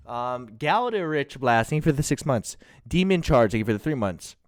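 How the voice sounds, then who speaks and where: A man's voice: mid-range voice, expressive, moderate pace, soft background music. A man in his thirties streaming live, chatting casually, laughing and trying out rap voices.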